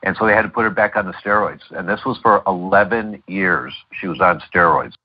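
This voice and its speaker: A man's voice: low-pitched, brisk, highs cut off. A middle-aged man speaking as a guest doctor in an interview, telling stories with many fillers and restarts. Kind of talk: interview over a call.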